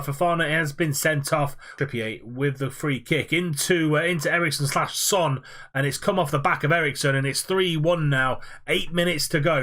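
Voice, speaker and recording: A young man giving play-by-play football commentary over his own video game matches, quick and fluent with frequent "uh" fillers. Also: on the high side, a bit bright.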